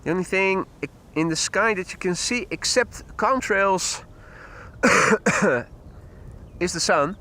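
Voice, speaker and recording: A bright, high-pitched man hosts a plane spotting livestream outdoors at an airport, speaking slowly with long pauses and a slightly stuffy nose. He chats casually, greeting viewers by name and mixing in Dutch and German greetings. His wireless clip-on mic is fixed to his t-shirt.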